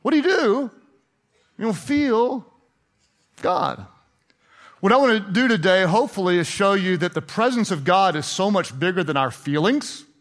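A pastor delivers a conversational sermon, peppering the congregation with questions and turning playfully sarcastic. His voice is high for a man and a bit bright, animated at a normal speed with long pauses.

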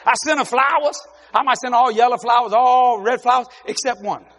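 An older man preaching a sermon, telling joking stories with exuberant bursts of shouting. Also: very high voice, brisk.

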